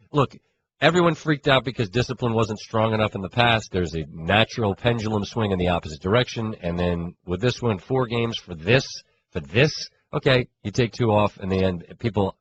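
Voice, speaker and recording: A man's voice: fairly low pitch, normal speed, muffled recording, slight background noise. A man hosting a sports radio show, talking in a wry, chatty, rambling way. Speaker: radio host. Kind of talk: casual sports talk.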